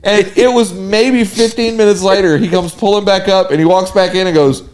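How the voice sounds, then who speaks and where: A podcast co-host tells a story in casual conversation, his voice high-pitched and his pace normal. He's animated throughout, mimicking the voices of the people in his tale.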